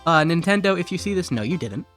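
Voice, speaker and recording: A man's voice: on the high side, lively intonation, a little fast, a bit bright, soft background music. A man from Ohio chatting casually while streaming a game, rambling, giggly and correcting himself as he goes. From Ohio, USA. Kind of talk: casual live-stream chat.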